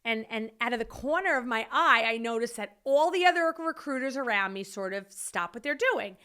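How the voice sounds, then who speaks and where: Animated bright-voiced woman storyteller. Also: a little fast, smooth. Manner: animated, acts out quotes with big pitch jumps; laughs while telling, many "like" and "you know". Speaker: podcast host. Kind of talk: personal storytelling.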